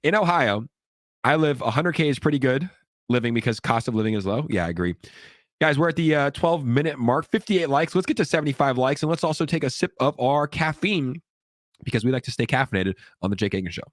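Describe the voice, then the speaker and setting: Sick guy hosting a crypto stream, coughing sometimes, hyped shout-outs, medium voice, dry close mic. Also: mid-range voice, lively intonation, a little fast, no room sound. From California. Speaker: crypto livestream host. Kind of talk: casual livestream chat reading viewer comments.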